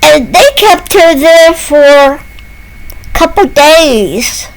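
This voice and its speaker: An older woman telling a homespun story to the camera in a slow, doting, sing-song voice, slipping into baby talk. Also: sits high, slight background noise, poor audio.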